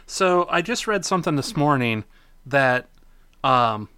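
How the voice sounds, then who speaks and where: A man co-hosting a casual podcast, blunt and joking, with slow drawn-out phrasing. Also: a little high, lively intonation, bright, forceful tone, clean tone, dry recording. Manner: blunt, crude jokes, drawn-out delivery. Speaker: podcast co-host. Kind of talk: casual chat.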